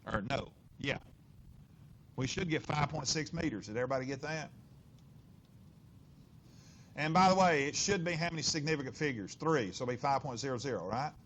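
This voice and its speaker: A middle-aged man teaching physics in a classroom, working problems aloud with lively inflection and constant questions to the class. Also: mid-range voice, normal speed, pauses often, slight background noise. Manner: animated, lots of rhetorical questions and inflection.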